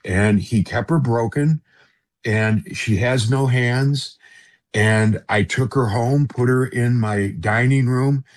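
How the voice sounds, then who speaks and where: A middle-aged man, a former radio personality, tells a personal story in an interview in an earnest, halting way and often addresses the host by name. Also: mid-range voice.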